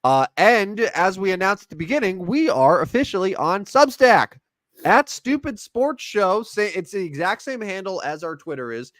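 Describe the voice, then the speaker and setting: Man, podcast co-host, rambling and jokey, very lively pitch, dry close sound. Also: moderate pace, no room sound. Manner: rambling, jokey, animated sign-off. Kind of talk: casual sports podcast chat.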